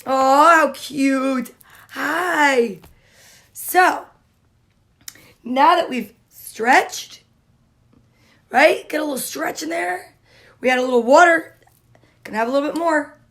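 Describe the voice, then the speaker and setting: A woman hosting a casual livestream, greeting viewers by name and chatting in a cheerful, drawn-out way. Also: high voice, creaky, a bit bright. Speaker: livestream host.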